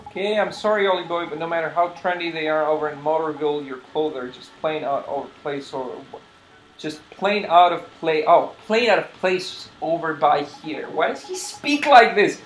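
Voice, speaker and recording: Brief: goofy male let's player, fairly high voice, echoey room with game music. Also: fairly even intonation, normal speed, slight background noise. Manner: goofy, self-mocking, stumbles while reading. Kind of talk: game commentary and reading aloud.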